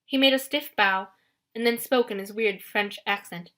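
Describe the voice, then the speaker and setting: Bright-voiced woman narrating an audiobook. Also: medium pitch, normal speed. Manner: expressive first-person storytelling.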